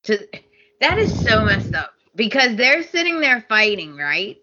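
A woman's voice: a little high, very animated, unhurried, lo-fi sound, background noise. A woman co-hosting a podcast, chatting casually and getting exasperated, laughing often. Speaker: podcast co-host. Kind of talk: casual chat recapping a soap opera.

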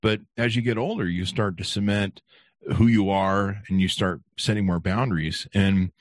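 A man in his fifties hosting a podcast, chatting casually with a guest, halting and repeating words as he thinks. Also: fairly low pitch, steady tone, no echo, studio quality. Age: 50s. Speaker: podcast host. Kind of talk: casual interview chat.

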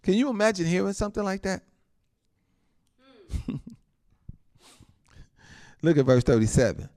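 A man preaching as a pastor, animated and laughing often, with frequent amens. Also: high-pitched, a little slow, pauses often. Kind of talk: sermon.

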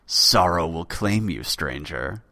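A man's voice: deep voice, lively intonation, takes it slowly, pushed and bright, no echo, clean studio sound, heavily acted. A man voicing a proud, spiteful old male chief poet who makes threats in indignant outbursts, reading from a storybook tale.

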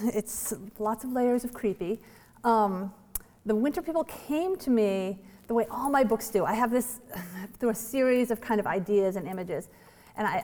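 A novelist in her forties telling the story behind her book in a chatty, animated way, with light laughs and fillers. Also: mid-range voice. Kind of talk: storytelling author talk. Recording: long hall reverb.

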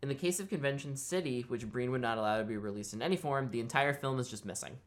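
A woman's voice: a bass voice, fast talker. A woman co-hosting a podcast, reading prepared history notes with loose, casual asides and swearing. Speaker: podcast co-host.

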